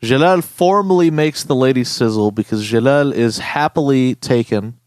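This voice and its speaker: A young man hosting a podcast, ranting in a casual, profane, animated way. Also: medium pitch, normal speed, clean tone, dry recording. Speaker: podcast host.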